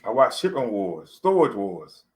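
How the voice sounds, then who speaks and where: A man's voice: on the low side, sing-song, a little slow, a little mellow, rough recording. A man, talking to camera in a loose, rambling vlog, full of fillers and repeats. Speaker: vlogger. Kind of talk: casual talk to camera.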